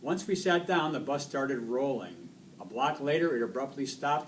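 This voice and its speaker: A man reads a children's book aloud with expressive storytelling, his voice in a middle register. He sits somewhat back from the microphone. A faint hiss runs underneath. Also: medium pitch, normal speed. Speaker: reader. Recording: distant mic, faint noise.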